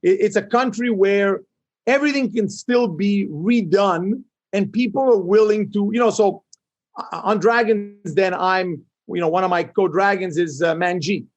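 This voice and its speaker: A man's voice: high voice, moderate pace, lo-fi sound. A middle-aged man from Canada, an entrepreneur guest in an interview, talking emphatically and often seeking agreement. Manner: emphatic, animated, seeks agreement with "right?". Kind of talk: interview conversation.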